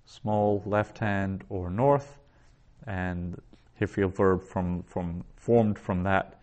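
Slow, low-voiced man teaching. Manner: slow, deliberate, spells out each word. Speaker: Biblical Hebrew teacher. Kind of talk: classroom lecture.

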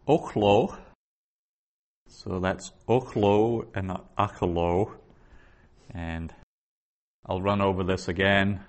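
A man's voice: sits low, a bit bright. A man teaching a Hebrew grammar lesson, explaining patiently and methodically, often restarting his sentences.

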